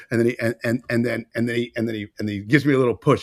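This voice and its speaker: A man hosting a podcast, telling stories in a casual, animated way and acting out what people said. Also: mid-range voice, very fast, hardly any pauses, no room sound, studio quality. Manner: animated storyteller, acts out quotes. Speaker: podcast host.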